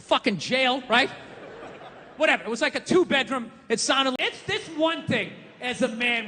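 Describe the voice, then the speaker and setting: Loud ranting comedian on stage. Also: male voice, very high-pitched, slight background noise. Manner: ranting, profane, swings into shouted character voices. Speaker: stand-up comedian. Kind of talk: stand-up comedy. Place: comedy club stage before a live audience. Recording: roomy hall with faint ambience.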